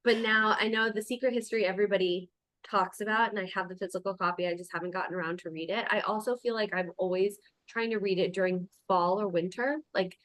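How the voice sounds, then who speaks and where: A woman's voice: mid-range voice, steady tone, fast talker, fairly bright tone, dry recording. A woman hosting a casual book podcast interview, asking questions and chatting easily. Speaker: podcast host.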